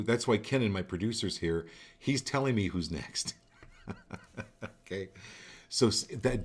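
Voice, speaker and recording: Man, very low voice, psychic host, blunt coaching tone, repeats himself for emphasis. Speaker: psychic card reader hosting a live show. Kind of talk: live-stream card reading.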